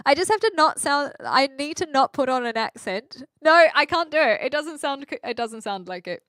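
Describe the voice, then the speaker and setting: A woman's voice: high voice, animated, normal speed, hardly any pauses, fairly bright tone, clean tone, dry recording, studio quality. A woman in her twenties with a New Zealand accent, chatting casually with her live stream viewers, laughing often and teasing herself. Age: 20s.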